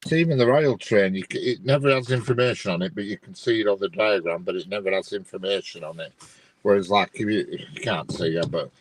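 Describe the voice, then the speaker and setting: A man's voice: on the low side, fairly quick, rough recording. A man, chatting casually on a live stream with many restarts, sounding bemused as he checks train diagrams. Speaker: co-host watching live train feeds.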